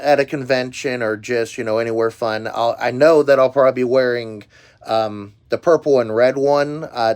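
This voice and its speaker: A middle-aged man hosting a casual product review video, rambling with frequent ums and uhs and restarts. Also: on the low side. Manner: rambling, filler-heavy with frequent um and uh. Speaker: YouTube host reviewing merchandise.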